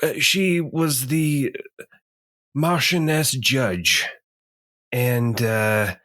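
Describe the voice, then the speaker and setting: A man's voice: medium pitch, fairly bright tone, no room sound, studio quality. A man voicing a dignified older noble father who recounts events formally. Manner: formal, measured storytelling.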